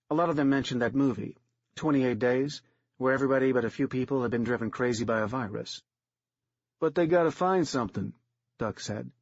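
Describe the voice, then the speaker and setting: A man narrates an audiobook in a plain, matter-of-fact way, his tone husky and breathy. The sound is dull and lo-fi, dry and close to the mic. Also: mid-range voice, no room sound. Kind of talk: third-person audiobook narration.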